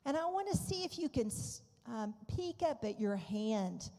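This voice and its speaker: A woman's voice: on the high side, big pitch swings, unhurried, mellow. A woman, a physical therapist, leading a seated exercise class on a handheld microphone, giving upbeat, encouraging step-by-step instructions. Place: large hall at a medical symposium. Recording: reverberant hall, faint room noise.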